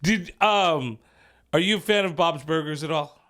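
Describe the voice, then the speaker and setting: Laid-back, profane man, somewhat high voice. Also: normal speed, fairly bright tone. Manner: profane, laid-back, says "dude" and "bro" a lot. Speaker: podcast co-host. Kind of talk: casual podcast chat.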